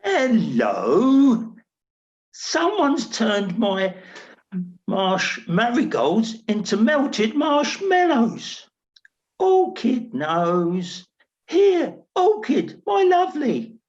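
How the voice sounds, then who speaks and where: A woman's voice: high-pitched, wildly swooping pitch, extremely slow, a little mellow, pitched below the performer's own voice, exaggerated voice. Woman doing a whiny gnome boss in a panto, slooow swoopy voice, dull lo-fi sound with clicks. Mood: plaintive. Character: fussy chief gnome, grieving over his garden. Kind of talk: amateur pantomime acting.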